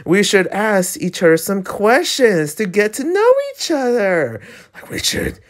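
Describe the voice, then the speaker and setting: A confident, popular woman model who talks with a poised, teasing edge, voiced by a man in a webtoon read-aloud. Her pitch swings widely. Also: sing-song, measured pace. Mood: curious.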